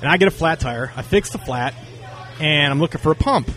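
A fairly high-pitched, fairly quick male voice tells long casual stories over soft background music. The speaker, an interview guest from North Carolina, is animated and acts out the people's quoted words.

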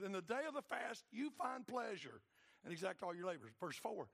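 A man preaching a sermon, swinging between loud, fired-up passages and low, quiet asides. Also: very animated, brisk, gravelly. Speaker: pastor.

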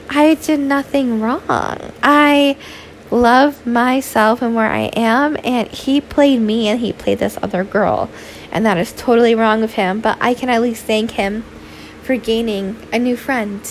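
A woman's voice: fairly high pitch, slight background noise. A young woman hosting a casual solo podcast, talking in a chatty, candid way full of "like" and the odd swear, tired and yawning. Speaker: podcast host.

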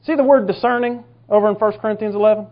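A man preaching a fervent, emphatic sermon, now and then bursting into shouts. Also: high voice, fairly even intonation, quick pace, dull audio. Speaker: pastor.

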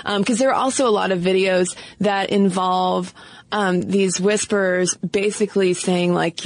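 A woman's voice: medium pitch, no room sound. Chatty woman podcast co-host, dry sound. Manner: chatty, frequent fillers and laughs. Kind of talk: casual podcast discussion.

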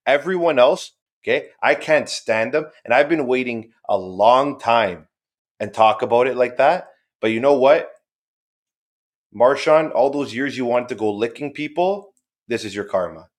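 A man's voice: mid-range voice, a little slow. A man co-hosting a casual sports podcast, talking emphatically, ranting and swearing freely. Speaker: podcast co-host.

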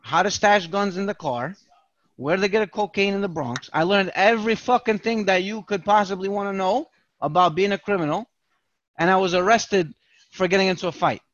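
A man's voice: sits high, fairly quick, dry recording, dull audio. A man telling a long profane story in casual chat, acting out the voices of the people in it. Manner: animated, profane, acts out quoted voices. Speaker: podcast guest telling a story.

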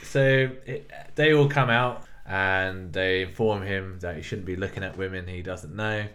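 A man's voice: low voice, a little slow, fairly bright tone. A man co-hosting a casual film podcast, talking with frequent ums and restarts. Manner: hesitant, lots of ums and restarts. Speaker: podcast co-host.

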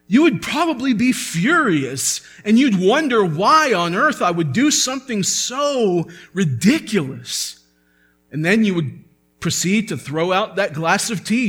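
A man's voice: high voice, a bit bright, breathy edge. A man preaching a sermon as pastor, earnest and building to emphatic peaks.

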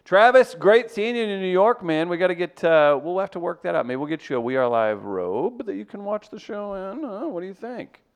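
Male radio host, gravelly, animated delivery, playful banter. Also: high voice, brisk, few pauses. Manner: joking, puts on mock voices.

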